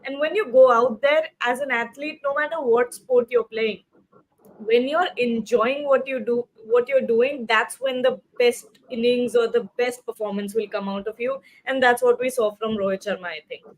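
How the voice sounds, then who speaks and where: A woman with a high voice co-hosts a live cricket talk show. She talks in loose, rambling sentences full of fillers and restarts, and she reads viewer comments aloud. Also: steady tone, moderate pace, rough recording. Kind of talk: live post-match discussion.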